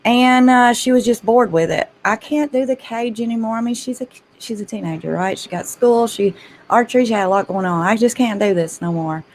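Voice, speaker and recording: A woman's voice: a little high, fairly quick, slight background noise, poor audio. Chatty woman telling stories. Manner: chatty, laughs often, addresses listeners as y'all. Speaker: channel host. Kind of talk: casual storytelling to viewers.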